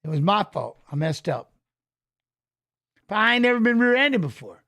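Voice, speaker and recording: A man's voice: high voice, very animated, moderate pace, bright, forceful tone. A man casually commenting on a fight as he watches along, rambling and swearing while telling stories between the action. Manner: rambling, profane, restarts and fillers.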